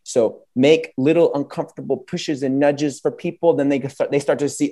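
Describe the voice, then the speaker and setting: A man answering interview questions as an educator guest, energetic and telling stories with vivid, punchy phrasing. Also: medium pitch, moderate pace, few pauses. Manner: energetic storyteller, acts out quoted voices.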